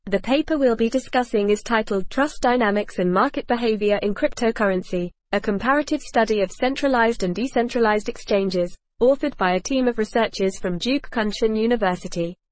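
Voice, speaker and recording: A woman's voice: on the high side, brisk, hardly any pauses, no echo. A woman hosting a scripted podcast discussion in a polished, evenly read delivery. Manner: polished, evenly read, reads cue notes aloud. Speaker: podcast host.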